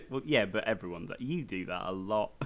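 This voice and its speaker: A man's voice: lowish voice, animated, brisk. A man co-hosting a podcast in casual chat, joking and laughing often. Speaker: podcast co-host.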